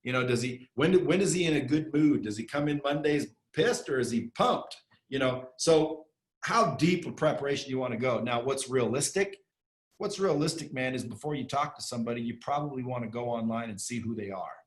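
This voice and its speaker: A man being interviewed as a guest, talking bluntly and emphatically with casual swearing and rapid-fire questions. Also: medium pitch, lively intonation. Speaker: interview guest, sales training entrepreneur. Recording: echoey room.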